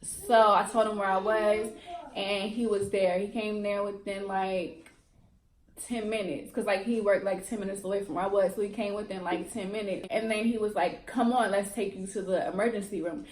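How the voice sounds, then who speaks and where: A woman's voice: mid-range voice, steady tone, moderate pace, roomy sound. A young woman vlogger, telling a dramatic storytime and acting out what people said. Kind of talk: storytime vlog.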